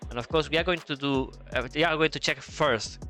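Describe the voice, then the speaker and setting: A man's voice: fairly high pitch, fairly quick, bright, forceful tone, soft background music. A man from Spain with a Spanish accent, chatty, casually commentating a flight-sim match and thinking aloud. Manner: chatty, thinks aloud with restarts and asides to chat. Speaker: esports commentator.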